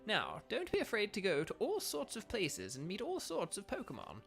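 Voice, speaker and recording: A man's voice: high voice, huge pitch swings, normal speed, vocal fry, a bit bright, faint music behind, voice pushed up, full character voice. Gracious old lady professor in a game read-through, done by a man, sing-song and refined. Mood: encouraging. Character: elderly woman professor, gracious and stately.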